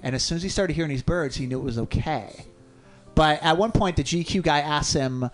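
A man's voice: medium pitch, a little fast. Rambling man telling a story on the radio. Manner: animated, rambling, swears freely. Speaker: co-host. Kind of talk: casual storytelling on talk radio. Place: radio studio.

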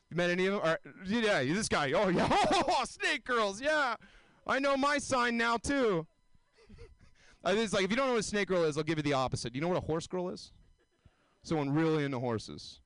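A man in his twenties performing a self-mocking stand-up set, often jumping into high mocking voices. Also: fairly bright tone, no room sound. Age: 20s. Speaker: stand-up comedian.

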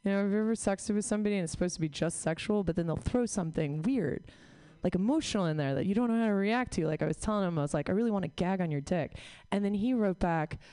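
A woman's voice: medium pitch, fast talker, hardly any pauses, mellow, clean tone, no echo. Profane self-mocking woman comic. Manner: profane, self-deprecating, rambling. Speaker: stand-up comic. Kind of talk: stand-up set, casual riffing.

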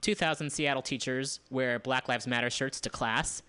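A man's voice: medium pitch, fairly even intonation, normal speed, bright, forceful tone, clear, resonant tone, dry recording. A man hosting a community radio show, running through news items in a loose, casual way, with asides and restarts. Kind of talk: casual news roundup and commentary.

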